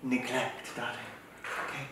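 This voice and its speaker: An actor playing a snobbish, condescending upper-class nanny who talks down to everyone and calls them darling. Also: male voice, medium pitch, completely flat delivery, moderate pace, far from the mic, close to an everyday voice. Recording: echoey room, off-mic, faint noise.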